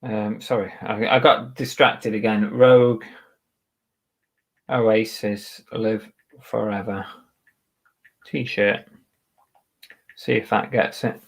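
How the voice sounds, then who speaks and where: A man's voice: lowish voice, flat delivery, slow, creaky, pauses often. A man from Manchester, England, chatting casually on a live stream while listing items, muttering to himself and tossing asides to viewers. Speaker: eBay reseller streaming live. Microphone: webcam.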